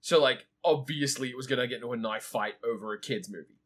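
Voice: mid-range voice, quick pace, husky. A podcast co-host with a wry manner, walking through facts in a casual chat. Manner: wry, animated storyteller.

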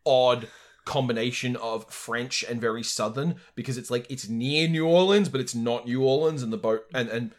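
A man's voice: medium pitch, normal speed. A man co-hosting a podcast, chatting casually and piling on trivia about voice actors while laughing easily. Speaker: podcast co-host. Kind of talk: casual chat.

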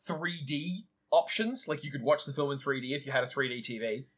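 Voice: medium pitch, a little fast, breathy edge. A podcast co-host with a wry manner, walking through facts in a casual chat. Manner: wry, animated storyteller.

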